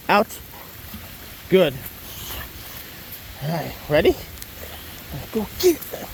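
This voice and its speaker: Man hyping up his dog outside in the rain, high voice going all over the place, laughs a lot. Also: drawn-out words, creaky, pauses often, slight background noise. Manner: excited high-pitched praise and commands to a dog, laughing. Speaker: dog trainer. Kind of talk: training a dog on camera. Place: outdoors in the rain. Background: rain falling.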